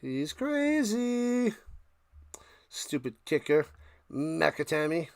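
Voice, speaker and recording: A man streams live play-by-play of a football game, chatting casually with viewers and thanking chat members by name between calls, then getting loud and fast on big plays. His voice is on the high side, very animated, and smooth, recorded dry at studio quality. A tickle in his throat has him clearing it and coughing.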